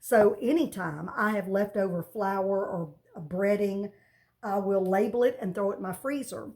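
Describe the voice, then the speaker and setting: A woman's voice: mid-range voice, a little slow, a little mellow. A middle-aged woman, hosting a casual cooking demonstration in a chatty, folksy way with rambling asides. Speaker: cooking channel host.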